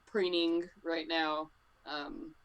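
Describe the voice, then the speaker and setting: A woman narrating as game master in a tabletop game, relaxed and full of fillers. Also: deep voice, very slow, smooth.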